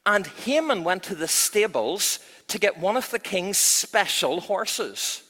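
Animated man telling Bible stories. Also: sits high, slow. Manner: animated, expressive storytelling. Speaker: children's talk leader. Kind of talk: Bible storytelling for children. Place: church hall. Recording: echoey church hall.

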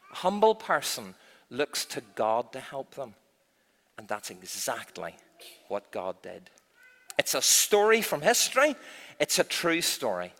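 Bright, animated man leading a children's Bible talk in an echoey church hall. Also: fairly high pitch. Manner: animated, expressive storytelling.

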